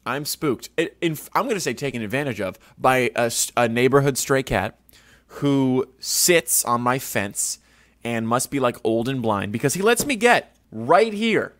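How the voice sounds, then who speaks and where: In a casual, wandering monologue, a young podcast host in his home studio tells stories laced with crude self-mockery. He speaks a little slowly and expressively, his medium-pitched voice fairly bright and free of any room sound.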